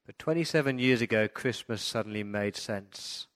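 A man who is a pastor, giving a Christmas sermon, telling stories and building to loud, emphatic preaching. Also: lowish voice, moderate pace.

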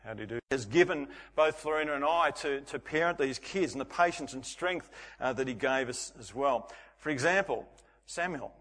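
A man's voice: mid-range voice, lively intonation, normal speed, a bit bright, big-room sound. A middle-aged man preaching a Father's Day sermon, telling funny stories about himself and laughing often. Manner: storytelling with self-deprecating humor, laughing often. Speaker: pastor. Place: church.

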